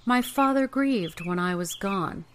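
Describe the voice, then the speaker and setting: A woman's voice: medium pitch, animated, measured pace, a little hiss or hum, close to an everyday voice. A woman voicing a small magical bird that chants a mournful song. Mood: chanting.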